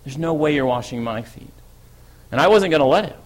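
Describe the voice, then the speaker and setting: Voicing the apostle Peter, an impulsive and eager disciple, a man gives a lively first-person dramatic monologue that hurries and swells as his excitement mounts. His voice is a little high and brisk.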